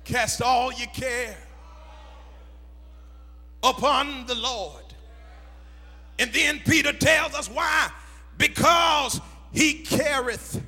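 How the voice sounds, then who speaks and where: A pastor preaching a sermon to his congregation, swelling into a shouted, half-sung cadence. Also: drawn-out words, long pauses, long reverb tail, soft background music. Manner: builds from low murmurs to shouted, half-sung whooping cadence. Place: church sanctuary.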